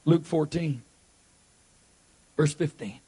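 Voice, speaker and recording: A man with a high voice preaches a sermon in a drawl. He hammers on his points again and again and acts out small scenes as he goes. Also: slow pace, mellow, husky.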